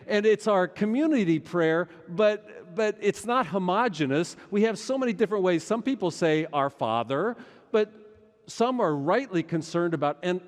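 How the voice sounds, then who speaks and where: A middle-aged male pastor preaching a sermon, swinging between loud urgency and hushed intensity. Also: fairly high pitch. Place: large church sanctuary. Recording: long church hall reverb.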